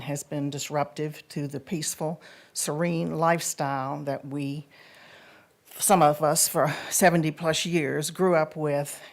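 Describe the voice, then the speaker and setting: Composed older woman with a low voice. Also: creaky. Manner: measured, formal, composed. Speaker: resident speaking at public comment. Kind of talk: prepared statement at a county board meeting.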